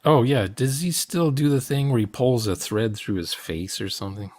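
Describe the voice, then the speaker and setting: A man co-hosting a stream who talks slowly and rambles in casual chat. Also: medium pitch, a little mellow, no room sound, clean studio sound. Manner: slow, rambling talker. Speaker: stream co-host.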